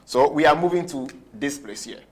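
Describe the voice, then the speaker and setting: A man with a fairly high voice teaches a French grammar lesson. He slows down to stress key words, repeats himself and keeps asking his students whether they follow. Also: animated. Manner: repetitive, checks understanding often. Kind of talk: whiteboard language lesson.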